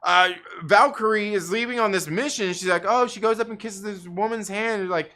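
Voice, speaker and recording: A man's voice: high-pitched, moderate pace, pushed and bright. A man ranting in casual livestream commentary, profane and rambling, full of fillers and restarts. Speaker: livestream co-host; parent.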